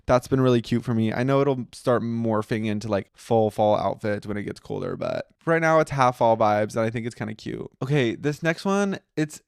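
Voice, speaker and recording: Chatty young American man, smooth and dry. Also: medium pitch, no echo. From United States. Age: young adult. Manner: chatty and animated, heavy use of "like". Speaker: podcast host. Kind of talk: casual solo chat.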